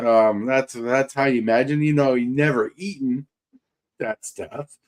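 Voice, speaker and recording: A man's voice: medium pitch, steady tone, unhurried, darkish tone. Rambling, chatty male stream host. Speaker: livestream host. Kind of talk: casual chat.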